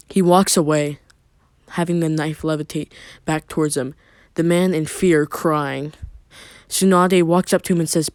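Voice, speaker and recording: A man's voice: fairly high pitch, steady tone, normal speed, darkish tone, clean tone, dry recording, clean studio sound. A man narrating a fan story in a plain, loosely improvised way with filler asides.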